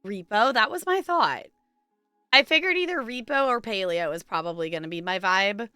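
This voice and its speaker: Bright-voiced woman streamer with a strained squeaky voice. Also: lively intonation, moderate pace, clear, resonant tone, no echo, studio quality, soft background music. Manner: chatty, giggly, rambling. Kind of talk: casual chat with chat viewers.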